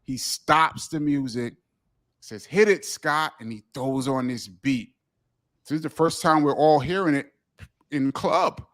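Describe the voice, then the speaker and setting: Middle-aged New man, animated interview guest who acts out quotes, a touch high. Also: unhurried. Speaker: guest, DJ and author. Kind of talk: casual storytelling interview.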